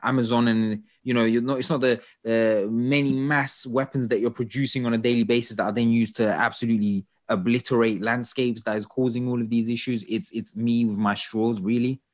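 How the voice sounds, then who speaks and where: A man co-hosting a podcast, talking in casual chat with an animated, exasperated, ranting manner. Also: mid-range voice, fairly quick, few pauses. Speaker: podcast co-host.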